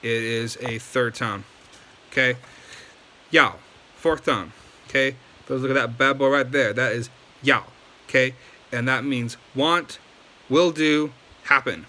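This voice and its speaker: A man's voice: medium pitch, fairly even intonation, measured pace, bright, forceful tone. A man giving a casual video lesson, loose and chatty with many ums and likes. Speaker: language teacher.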